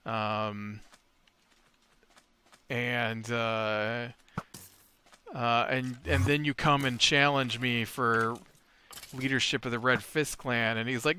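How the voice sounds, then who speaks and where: Slow, bright, crisp male gamer. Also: mid-range voice, fairly even intonation, no room sound. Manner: rambling, with many fillers and restarts; retells a tabletop session while building. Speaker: Minecraft let's play host. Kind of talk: casual game commentary and storytelling.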